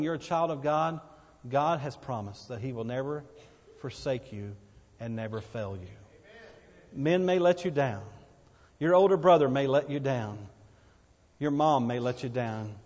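In a large hall, a pastor with a mid-range, slightly mellow voice preaches a sermon in church. He repeats phrases and lets his volume swell and then drop.

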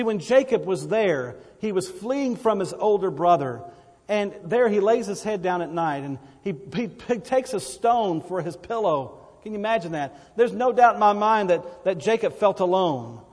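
A man's voice: high-pitched, animated, moderate pace, a little mellow, long reverb tail. A man preaching a sermon in church, repeating phrases and swelling then dropping his voice. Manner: preaching with repetitions and swells of volume. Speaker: pastor.

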